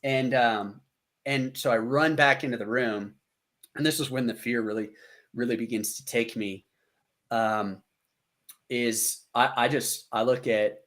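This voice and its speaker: A man's voice: mid-range voice, a bit bright. A man from the United States, a podcast guest, vividly telling a long personal story in casual talk, with many fillers and restarts.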